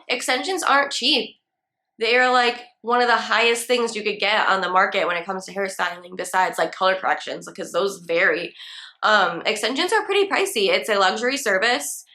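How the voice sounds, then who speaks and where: A woman's voice: mid-range voice, pushed and bright, reverberant. A young woman, a hairstylist, telling a casual storytime with many filler words. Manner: chatty, lots of "like" fillers. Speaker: hairstylist and channel host.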